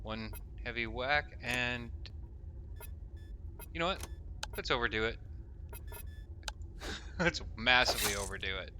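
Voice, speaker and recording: At a moderate pace broken by long pauses, a man with a mid-range voice speaks over background noise. He's hosting a let's play, casually narrating his gameplay, reading out the game's text and chattering to himself as he goes.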